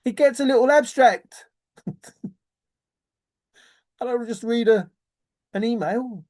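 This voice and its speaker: A man's voice: very high voice, a little slow, pauses often, a little mellow. A man rambling in a teasing, giggly solo monologue, often laughing and repeating words. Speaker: treasure-hunt video maker.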